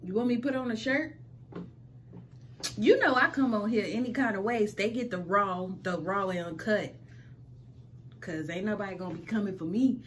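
A woman's voice: medium pitch, normal speed, pauses often, slight background noise. A woman hosting a casual home vlog, talking in playful, slangy banter. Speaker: vlogger host. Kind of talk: casual chat.

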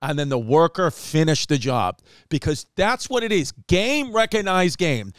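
A man tells a long comic story on his podcast, swearing and ranting with animated energy. His voice sits a little high and comes through smooth and clear. The close mic sounds dry, with no room around it. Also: moderate pace, no echo. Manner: animated, profane, slips into mock voices and Spanish phrases. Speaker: podcast host. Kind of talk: comedic storytelling.

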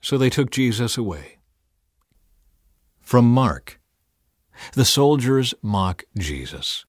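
A man reading the Bible aloud in a scripted, expressive and dramatic way. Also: mid-range voice, slow pace, dry recording, studio quality. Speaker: Bible reader.

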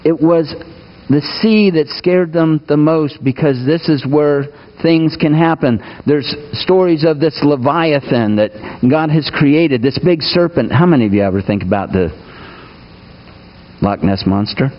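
A man preaching a sermon, asking his listeners questions and moving between raised, urgent lines and hushed asides. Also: a little high, unhurried, muffled recording. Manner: asks the congregation questions, swings between raised and hushed delivery. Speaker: pastor.

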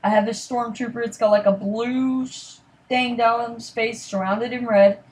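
A woman giving casual commentary over her gameplay, rambling and apologetic, sometimes trailing into quiet mutters and then bursting out excitedly. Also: on the high side, unhurried. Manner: excitable outbursts. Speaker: gaming commentator.

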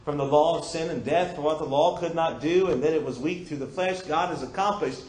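A man preaching a sermon as pastor, asking his congregation rhetorical questions and breaking into loud exclamations. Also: fairly high pitch, a little fast. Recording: echoey church room.

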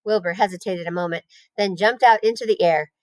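A woman, a teacher, reading a children's novel aloud in a clear, expressive storytelling voice. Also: fairly low pitch, brisk, no room sound.

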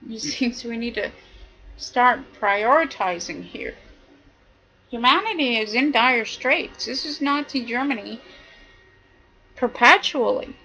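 A woman's voice: fairly high pitch, lively intonation, slow, pauses often, bright, forceful tone, slightly rough, rough recording. A woman giving an indignant, preachy monologue, hammering her points with repetition. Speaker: video commentator. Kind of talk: impassioned monologue.

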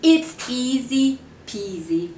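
A woman putting on a hungry, eager little storybook kitten with a high, excited squeal that slows into a drawn-out, sing-song catchphrase. The voice lifts well above an everyday speaking voice, and the room around it has a noticeable echo. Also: far from the mic, a little hiss or hum, full character voice. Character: hungry eager young female cat.

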